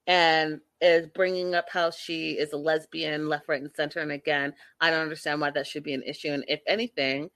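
A woman hosting a casual live-stream recap of a reality show, talking to viewers in a sassy, animated, exasperated way. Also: sits low, no room sound.

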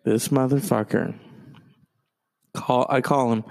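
A man doing stand-up storytelling, profane and animated, jumping from loud outbursts to low mutters. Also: a little slow, vocal fry, long pauses.

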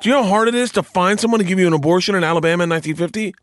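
A man's voice: high voice, very fast, dry recording, clean studio sound. A middle-aged man, a comedian, chatting casually on a podcast, rambling and trailing off as he searches aloud.

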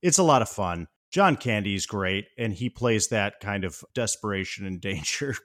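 Male podcast co-host, low pitch, casual and agreeable. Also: lively intonation, moderate pace, fairly bright tone. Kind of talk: casual movie chat.

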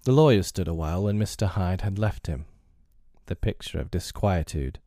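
Deep mellow guy reading an old novel, steady and even, dry close sound. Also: moderate pace, no room sound. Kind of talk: storybook narration of a classic novel.

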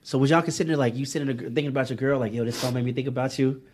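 Podcast host guy, quick talker, laid back and slangy with his questions. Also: mid-range voice, fairly even intonation, a little mellow. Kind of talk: casual podcast interview. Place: podcast studio.

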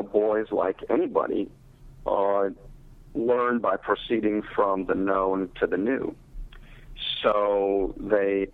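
Gravelly-voiced researcher, measured and explanatory, heard over a tinny phone line. Low male voice. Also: no echo. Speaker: literacy researcher and teacher.

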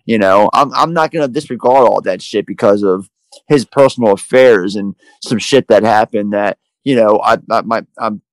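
A man's voice: on the low side, moderate pace, no room sound, low-quality recording. A man co-hosting a casual movie podcast, blunt and combative, with frequent cursing. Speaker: podcast co-host.

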